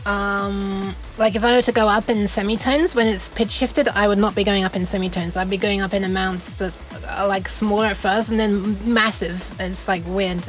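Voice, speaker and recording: A woman's voice: medium pitch, steady tone, normal speed, hardly any pauses, faint music behind. A young woman streaming a game, chatting casually in a rambling, giggly way with lots of restarts. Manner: rambling, giggly, self-interrupting. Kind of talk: casual live-stream chat while gaming.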